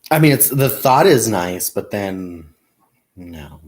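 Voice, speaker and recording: Lively, chatty man, laughing often. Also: lowish voice, slow pace. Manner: chatty, animated, self-mocking, laughs often. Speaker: crafting channel host. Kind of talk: casual livestream chat.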